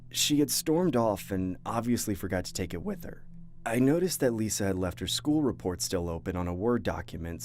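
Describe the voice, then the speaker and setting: A man's voice: fairly low pitch, a little mellow. A young man narrating a true horror story in the first person, earnest and tense. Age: young adult.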